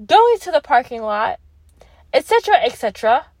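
A woman's voice: sits high, very animated, normal speed, a little mellow, no room sound. A young woman with a Canadian accent giving a chatty, emphatic movie review from her parked car. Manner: chatty and emphatic, self-deprecating. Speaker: vlogger. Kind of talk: casual movie review vlog.

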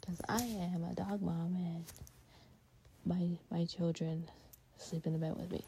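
A woman rants about a reality show in a hushed, half-whispered voice, trying not to wake the dogs asleep beside her in bed. Her voice is low and dark with a gravelly fry. She talks slowly, with heat in her words. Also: fairly even intonation, slight background noise, poor audio. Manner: half-whispered, heated ranting. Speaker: vlogger reacting to a reality show. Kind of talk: hushed late-night commentary.

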